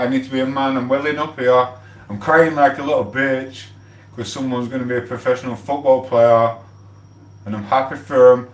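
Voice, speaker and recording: A man, rambling and swearing casually as he gives shout-outs on his livestream. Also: mid-range voice, fairly quick, far from the mic. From England. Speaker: livestream host. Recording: echoey room, off the mic.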